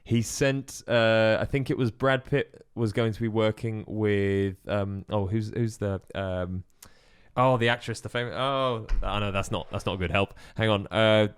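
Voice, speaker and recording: A man chatting casually on a podcast, often halting and searching for words with many fillers. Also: fairly low pitch, fairly even intonation, clear, resonant tone. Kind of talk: casual chat.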